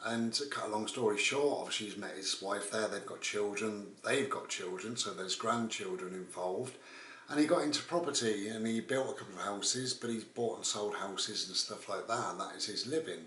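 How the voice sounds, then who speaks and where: A man's voice: lowish voice, normal speed, a bit bright, a little hiss or hum. A man, telling a rambling, casual story as a vlogger. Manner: rambling, with frequent "and all the rest of it". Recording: roomy, distant mic.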